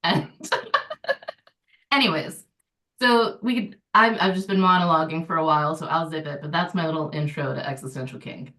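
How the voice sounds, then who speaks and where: A woman author speaking as a guest in an interview, animated and playful, laughing easily. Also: low voice, normal speed, recorded from a distance. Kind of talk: casual conversational interview.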